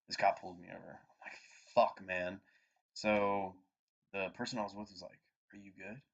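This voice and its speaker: A podcast co-host in his twenties swaps stories in casual chat, swearing freely and telling an animated, winding anecdote. His voice sits a little low with vocal fry, and he speaks fairly quickly. The audio is dull and lo-fi.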